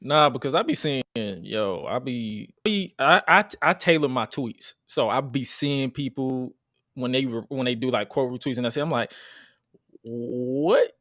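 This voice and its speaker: A man hosting a casual podcast interview, talking in a laid-back, halting way. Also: mid-range voice, expressive, a bit bright, no room sound, clean studio sound. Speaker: podcast host.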